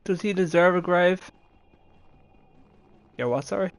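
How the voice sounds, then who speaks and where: A man's voice: high-pitched, measured pace. A man streaming a game, chatting casually with friends and bursting into laughs and swearing. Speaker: livestream gamer. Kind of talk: casual gaming stream chat.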